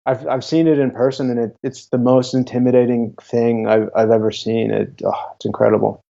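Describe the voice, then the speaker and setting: Young man, gravelly low voice, dull lo-fi audio. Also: little pitch movement, mellow. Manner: halting, with frequent restarts. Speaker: guest, YouTuber. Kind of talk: casual interview talk.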